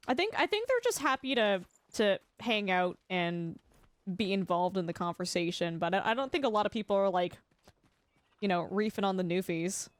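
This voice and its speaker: A woman's voice: medium pitch, no room sound. Chatty Canadian woman streamer. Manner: chatty, laughs often, many restarts. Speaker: livestream gamer. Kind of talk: casual chat reading live chat.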